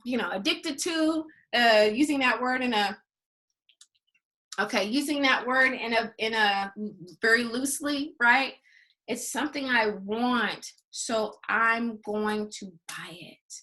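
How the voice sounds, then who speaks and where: A middle-aged woman coaching in a high, bright voice. She talks casually and laughs often. She acts out little scenes and calls her listeners honey. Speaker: business coach.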